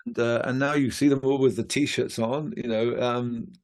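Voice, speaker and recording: A man's voice: mid-range voice, steady tone, moderate pace, darkish tone. A male musician chatting casually in an interview, rambling with many fillers and restarts. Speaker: guest musician.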